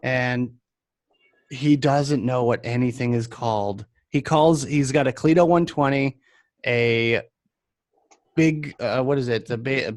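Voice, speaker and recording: A man's voice: mid-range voice, dry recording. A man hosting a casual chat, telling rambling shop anecdotes with lots of fillers. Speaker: podcast host and vape shop worker.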